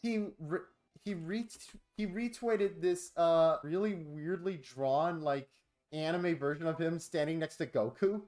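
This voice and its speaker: A man's voice: a little high, unhurried. Joking man streaming a game. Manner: animated, joking, swearing. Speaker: streamer co-host. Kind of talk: casual stream chat.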